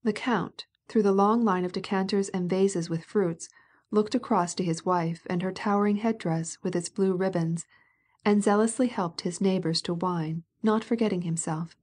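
A woman narrating a classic novel as an audiobook, in a calm, measured, even manner. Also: mid-range voice.

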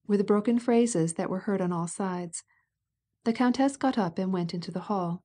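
A woman narrating a classic novel as an audiobook, in a calm, measured, even manner. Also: medium pitch.

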